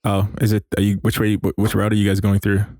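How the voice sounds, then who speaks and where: A man's voice: fairly low pitch, no echo. Easygoing man hosting a casual podcast, curious questions, dry close sound. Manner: asks questions, relaxed, quick to react.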